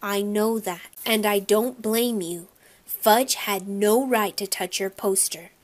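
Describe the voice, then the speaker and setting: Brief: female reader as a soothing mother, soft and even, storybook reading. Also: medium pitch, takes it slowly, natural voice. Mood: gentle. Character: calm, patient mother soothing her son.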